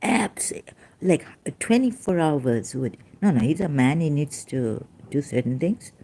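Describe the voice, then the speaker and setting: A woman talks through scripture in a casual solo commentary, her voice low and unhurried. She is openly emotional and rambling, often stopping mid-thought to correct herself. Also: expressive, mellow. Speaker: religion commentator.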